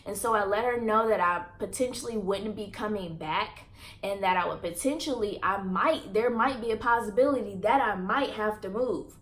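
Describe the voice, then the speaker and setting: A woman's voice: medium pitch, normal speed, fairly bright tone. A young woman vlogger earnestly telling a personal story to her viewers and addressing them as y'all.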